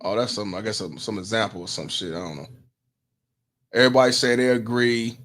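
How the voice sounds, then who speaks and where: A man's voice: fairly low pitch, fairly quick, fairly bright tone. Blunt man hosting a commentary stream. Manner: blunt, profane, asks the audience questions. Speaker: host.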